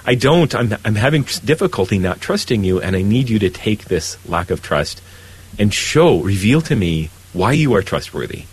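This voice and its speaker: A middle-aged priest with a low, husky voice speaks in an earnest, heartfelt way. He pauses and restarts as he explains, settling into gentle encouragement. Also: big pitch swings, poor audio. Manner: earnest, warm-hearted, pausing and restarting often. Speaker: Catholic priest. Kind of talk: faith conversation.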